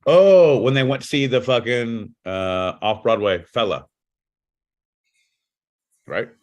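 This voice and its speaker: A man's voice: mid-range voice, slow pace, highs cut off. A man co-hosting a podcast, swearing a lot and teasing his partner in casual comedic banter. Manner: profane, teasing, animated. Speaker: podcast co-host.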